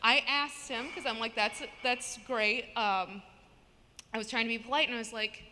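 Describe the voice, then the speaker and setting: A woman's voice: a little high, brisk, sharp tone. A woman doing a stand-up comedy set, chatting with the crowd between stories. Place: comedy show venue. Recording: long reverb in a hall.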